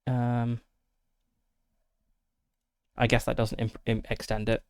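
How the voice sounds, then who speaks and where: A man's voice: mid-range voice, monotone, takes it slowly, darkish tone, no echo. A man casually narrating his solo tabletop game, methodically thinking aloud through dice rolls and rules with frequent fillers, into a close desk mic.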